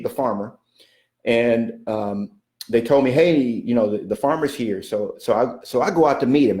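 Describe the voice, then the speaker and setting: A man's voice: medium pitch, dark tone. A middle-aged man, a coach, telling a story in a casual, folksy way with many restarts. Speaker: real estate coach. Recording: echoey room.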